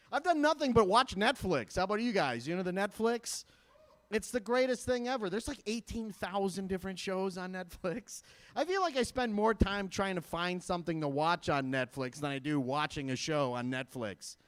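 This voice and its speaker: A man's voice: high-pitched, expressive, moderate pace, a bit bright, no echo. A man in his thirties from Michigan doing a stand-up comedy set, self-deprecating and chatty with the audience. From Michigan, USA. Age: 30s. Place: live event stage at a school fundraiser.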